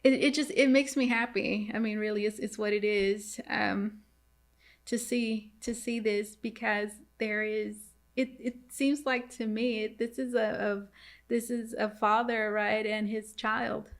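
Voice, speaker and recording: A woman giving a casual tarot reading to viewers, halting and repetitive, often turning to address them directly. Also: medium pitch, little pitch movement. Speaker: tarot reader.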